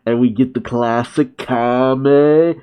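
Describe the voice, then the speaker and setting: A man's voice: mid-range voice, fairly even intonation, moderate pace, clean tone, highs cut off. A man casually recapping a comic chapter and reacting, laughing often.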